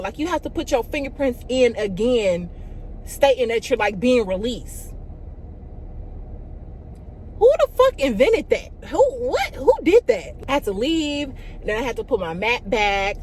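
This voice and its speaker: Animated young woman telling a storytime vlog. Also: on the high side, normal speed, a little hiss or hum. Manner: animated, profane, fillers of "like" and "y'all". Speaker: vlogger.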